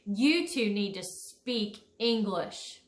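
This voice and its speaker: A woman's voice: medium pitch, animated, slow. A woman voicing a rude, impatient schoolboy who snaps and hollers at classmates. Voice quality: bratty, shouting. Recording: echoey room.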